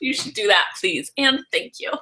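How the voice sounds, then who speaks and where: A woman's voice: medium pitch, lively intonation, bright, forceful tone. A young woman hosting a casual live stream, rambling and chatty as she answers viewers and corrects herself as she goes. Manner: chatty and rambling, heavy use of "like", quick self-corrections.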